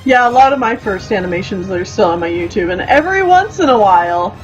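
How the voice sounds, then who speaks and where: A woman's voice: medium pitch, animated, quick pace, highs cut off, soft background music. A woman hosting a casual art stream, chatting in a bubbly way and laughing easily. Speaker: stream host, artist. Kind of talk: casual chat.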